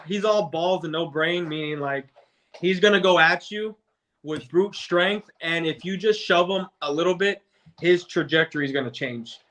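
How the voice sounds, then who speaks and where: A man's voice: fairly high pitch, bright, forceful tone. A man talking football in a casual debate, rambling and restarting his sentences often. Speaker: guest debater, football fan.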